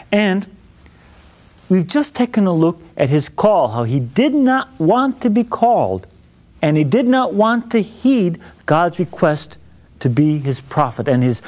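A man's voice: sits high, a little mellow. A man teaching an informal Bible lesson with folksy, jokey asides.

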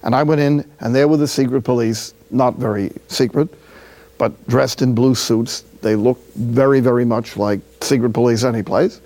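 A friar from City, preaching a sermon through a lively personal story with acted-out dialogue. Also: male voice, mid-range voice, normal speed. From Jersey City, New Jersey.

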